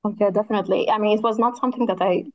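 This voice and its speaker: A woman's voice: mid-range voice, fairly even intonation, racing. A woman architect speaking as a guest in a casual interview, her voice a bit tired, thoughtful, with many fillers. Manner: thoughtful, with frequent "like" and "kinda" fillers. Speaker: architect and podcast co-host, guest. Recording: slightly dull lo-fi audio.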